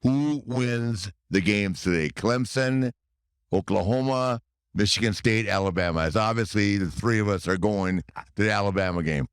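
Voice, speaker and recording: A man hosting a podcast, talking casually and breaking into showy, announcer-style hype with loud whoops. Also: fairly low pitch, moderate pace, clean tone, no room sound, clean studio sound. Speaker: podcast host.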